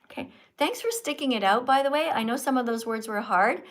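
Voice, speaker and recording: A chatty woman from Canada hosts a live stream over a phone mic, speaking in a slightly high voice. She quizzes guests like a teacher, animated and talkative. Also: a little fast. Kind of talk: casual live stream chat with viewers.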